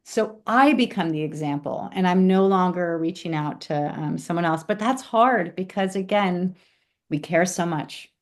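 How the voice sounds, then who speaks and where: A woman's voice: lowish voice, moderate pace. A woman leading a spiritual class conversation, speaking reflectively and checking in with her listeners. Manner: reflective, often asks "right?". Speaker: class leader.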